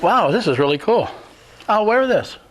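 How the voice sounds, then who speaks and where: A man's voice: high voice, sing-song, moderate pace, a bit bright, slight background noise. A man hosting a local cooking show, chatty and enthusiastic, tasting food as he talks. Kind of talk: casual TV cooking chat.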